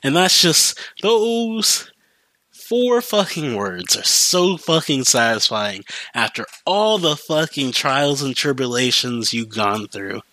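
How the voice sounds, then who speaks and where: A man's voice: mid-range voice, expressive, measured pace, hardly any pauses, bright, forceful tone, no room sound. A young man hosting his own podcast, ranting profanely in a casual solo monologue and mimicking other people's voices. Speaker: podcast host.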